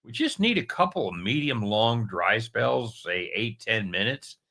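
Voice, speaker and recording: A man's voice: mid-range voice, lively intonation, measured pace, sharp tone. A man giving a casual sports betting preview straight to his viewers, chatty and jokey, with a caramel in his mouth.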